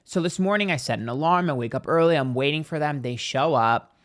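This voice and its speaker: This is a man with a brisk, somewhat high voice, guesting on a podcast. He spins out a long, chatty personal anecdote full of "like," acting out what people said.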